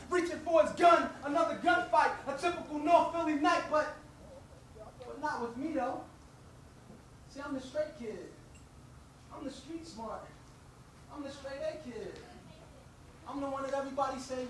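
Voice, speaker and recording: A man's voice: very high voice, normal speed, fairly bright tone, a little hiss or hum. A man performing spoken-word poetry with an intense, rhythmic rhyming delivery. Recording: roomy, distant, faint ambience.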